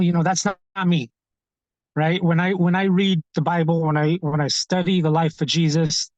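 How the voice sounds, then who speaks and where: A man telling his own story in an interview, earnest and halting, often repeating words as he searches for what to say. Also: fairly high pitch, no room sound, highs cut off. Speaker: street ministry founder.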